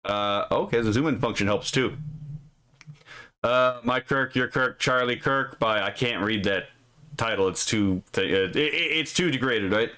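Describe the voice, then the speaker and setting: During a casual live stream, a man reads posts aloud and mocks them with profane, sarcastic asides, frequently tacking on "right?" as a filler. His medium-pitched voice is pushed and bright, and he talks a little slowly.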